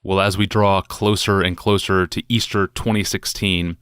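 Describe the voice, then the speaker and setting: A man hosting a podcast, giving a calm, conversational scripted introduction. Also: low voice, moderate pace, smooth, no room sound, clean studio sound. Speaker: podcast host.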